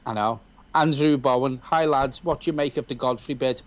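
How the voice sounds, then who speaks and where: A man's voice: medium pitch, moderate pace, muffled recording. A man with a Scouse accent co-hosting a live football watch-along, reading viewer comments aloud and answering them bluntly in casual chat. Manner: reads chat messages aloud in a blunt matter-of-fact way.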